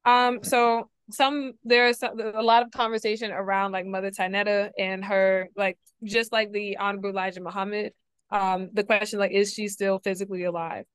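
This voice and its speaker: A woman's voice: medium pitch, flat delivery, normal speed, a bit bright, clean tone, no echo. A woman host asking interview questions casually, hesitant with many fillers.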